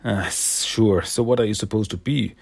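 A man's voice: fairly low pitch, normal speed, creaky, a little mellow, slightly rough. A man voicing a bitter young woman who was once a gang fighter, curt and cold.

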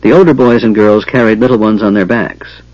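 Man narrating audiobook, expressive, measured, low voice, dry lo-fi recording. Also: no room sound. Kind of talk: scripted narration.

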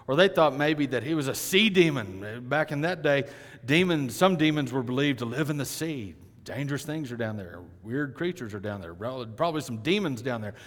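A male pastor delivering a sermon, swinging between loud emphatic lines and hushed, quiet ones. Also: medium pitch, expressive, normal speed. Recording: long hall reverb.

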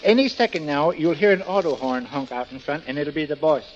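An earnest, self-important husband, as an actor plays him spins flowery tales in a fairly high voice. It comes through as a dull old radio broadcast. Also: male voice, brisk, natural voice. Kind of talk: 1930s radio comedy acting.

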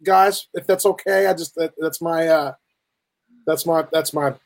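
A man's voice: on the high side, fairly even intonation, measured pace, gravelly. A man hosting a podcast in casual chat, joking crudely and teasing the others. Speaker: podcast host.

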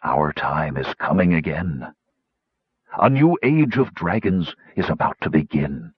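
A man voicing an ancient, aloof male dragon who speaks softly and slowly. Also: lively intonation, slightly rough, dry recording, dull audio, full character voice. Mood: hushed. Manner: soft, low and unhurried. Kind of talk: audiobook character voice.

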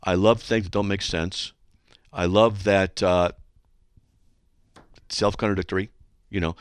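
A man's voice: sits low, a little slow, pauses often, no echo, studio quality. A man hosting a radio show, reading listener mail aloud and mocking it sarcastically. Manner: sarcastic, animated, does mocking voices. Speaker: radio host.

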